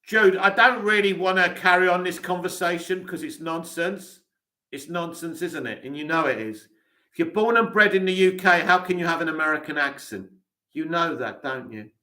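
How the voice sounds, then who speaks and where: A man's voice: fairly high pitch, expressive, normal speed, pushed and bright. A man with an English accent, hosting a live stream, reading viewer comments aloud and answering them with blunt, dismissive opinions.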